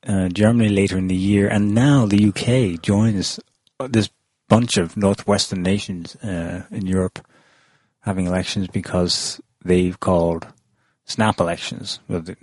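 A man's voice: deep voice, darkish tone, slightly rough, no room sound. A man hosting a casual panel discussion, chatty with frequent ums and restarts. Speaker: podcast host.

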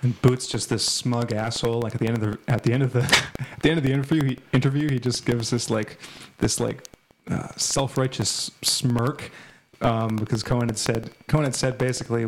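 A man's voice: medium pitch, fairly even intonation, a little fast, rough recording. A man in casual political chat, heated and scornful, rambling with many restarts. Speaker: podcast co-host.

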